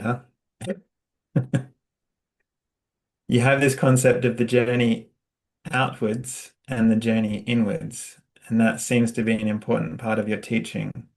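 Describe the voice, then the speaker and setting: A young Australian man conducts a relaxed interview. He speaks in an even, fairly flat tone with frequent pauses and fillers, gentle and unhurried. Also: lowish voice, gravelly. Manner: soft-spoken, hesitant with fillers, laughs lightly. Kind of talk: casual conversational interview.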